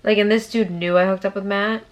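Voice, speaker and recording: A woman's voice: medium pitch, fairly even intonation, a little fast. A young woman from Massachusetts telling a casual storytime vlog, chatty and profane, with whispered asides. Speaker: YouTuber.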